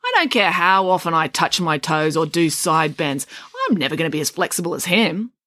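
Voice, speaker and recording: A woman voicing an eager, bossy young girl who talks excitedly and emphatically. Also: low voice, brisk, no echo, clean studio sound. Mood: scheming.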